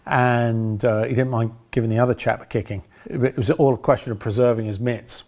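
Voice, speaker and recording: A man's voice: mid-range voice, steady tone, fairly quick, a little mellow. A man, a film director, telling rambling anecdotes in an interview with dry humor.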